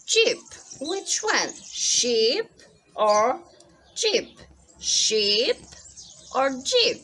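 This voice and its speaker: A woman teaching young children, her voice pitched a little high and swooping up and down as she drags out each word very slowly. She quizzes the listener in an exaggerated, teacherly way, with a faint hiss behind her. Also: fairly bright tone. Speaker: English teacher. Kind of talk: slow, sing-song spelling lesson for young children.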